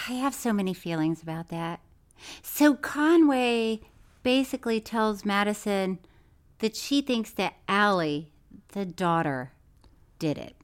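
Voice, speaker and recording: Lively, incredulous woman podcast co-host. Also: medium pitch, slow pace. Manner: animated, incredulous, teasing. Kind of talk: casual chat.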